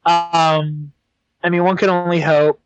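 A man's voice: on the high side, level tone, takes it slowly, over music, low-quality recording. A young man co-hosting a podcast, talking casually and hesitantly with many ums and restarts. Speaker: podcast co-host. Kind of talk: casual chat.

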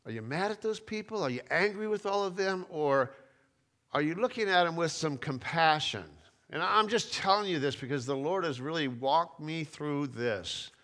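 A man's voice: a little high, moderate pace, pushed and bright. A middle-aged man preaching a sermon, talking conversationally and rising to emphatic peaks, with frequent restarts. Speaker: pastor.

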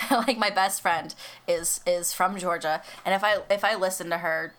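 A woman's voice: on the low side, normal speed, fairly bright tone. A young American woman co-hosting a casual podcast, chatty and giggly with lots of fillers and restarts. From United States. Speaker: co-host.

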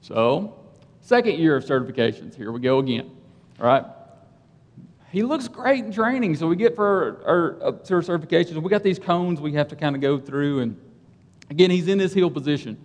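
A man telling a personal story in a sermon, animated and conversational, often checking in with his listeners. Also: fairly high pitch, moderate pace, big-room sound. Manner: animated, conversational, keeps asking "right?". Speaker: police officer and church speaker.

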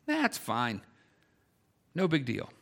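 A man's voice: mid-range voice, huge pitch swings, takes it slowly, creaky, fairly bright tone. A middle-aged male pastor giving a conversational sermon that builds in intensity, with everyday stories and emphatic questions. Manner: conversational preaching with rising intensity.

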